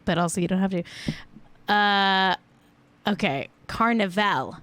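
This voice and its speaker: A woman's voice: medium pitch, steady tone, unhurried, fairly bright tone, smooth. A young adult woman hosting a celebrity gossip show, chatting casually and joking with frequent giggles. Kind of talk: casual live-stream chat.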